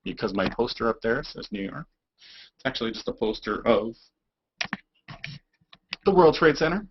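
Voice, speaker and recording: A man's voice: medium pitch, sing-song, moderate pace, vocal fry, noisy background. A young man chatting casually on a live stream, rambling and goofy, slipping into silly voices now and then. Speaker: vlogger. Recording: dull lo-fi webcam audio.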